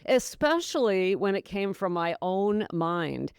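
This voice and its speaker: A woman's voice: mid-range voice, big pitch swings, takes it slowly, a little mellow, smooth, dry recording, studio quality. A woman hosting a solo sobriety podcast, talking in a chatty, encouraging way and laughing often. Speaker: podcast host and sobriety coach. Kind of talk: casual solo podcast talk.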